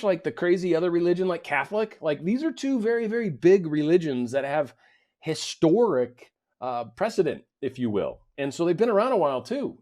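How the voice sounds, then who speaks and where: A man talks through the news in a loose, rambling way, full of sarcastic jabs and mocking asides. His voice sits at an ordinary middle pitch for a man. It comes across as an off-the-cuff political commentary show. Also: darkish tone.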